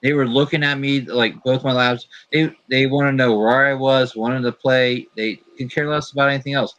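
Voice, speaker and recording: A man's voice: mid-range voice, steady tone, normal speed, fairly bright tone, dry recording, highs cut off. A man hosting a casual live stream chat, telling laid-back stories about his dogs.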